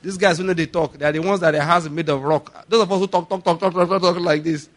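A man preaching a sermon, laughing often and building to shouted declarations. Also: fairly high pitch, steady tone, fast.

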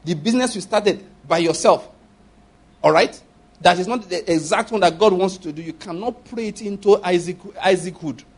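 A man's voice: high-pitched, moderate pace. A man preaching a sermon, acting out prayers and asking the congregation rhetorical questions. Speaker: pastor.

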